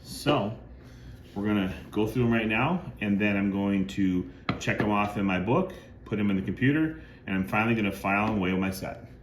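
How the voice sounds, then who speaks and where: Low-voiced middle-aged man, roomy echo. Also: a little fast. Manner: lists items plainly, bursts into loud woohoo cheers. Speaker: card collector and channel host. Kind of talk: casual show-and-tell narration. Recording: echoey room with faint ambient noise.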